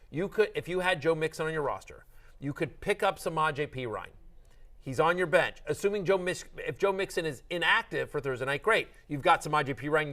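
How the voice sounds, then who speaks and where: Lively joking male podcast host. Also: on the high side. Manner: animated, joking, quick restarts. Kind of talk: casual podcast chat.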